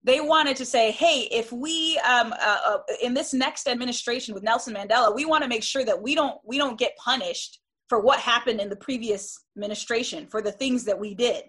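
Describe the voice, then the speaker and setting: A woman's voice: fairly high pitch, brisk, hardly any pauses, a bit bright, slightly rough. Earnest woman lecturing with emphasis. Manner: earnest, emphatic, with frequent restarts and checking-in "right?". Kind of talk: classroom lecture.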